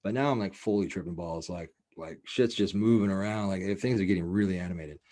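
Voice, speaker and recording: A man with a very low voice talks quickly and casually as he hosts a podcast. He tells a long, rambling story full of swearing, and he keeps saying "like" and "you know.". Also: mellow. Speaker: podcast host.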